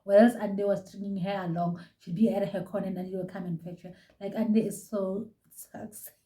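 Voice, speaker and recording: A woman's voice: mid-range voice, flat delivery, fast, mellow, distant mic. Gushing South African woman, roomy echo. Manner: gushing, chatty, code-switching. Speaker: reality show reviewer. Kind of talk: casual review chat. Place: room at home. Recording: roomy echo, set back from mic.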